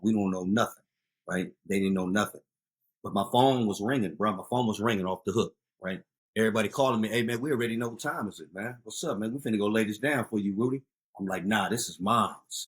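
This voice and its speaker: Animated husky man telling street stories. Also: fairly low pitch. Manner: animated street storyteller, loud outbursts. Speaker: guest, youth outreach founder. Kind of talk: casual storytelling interview.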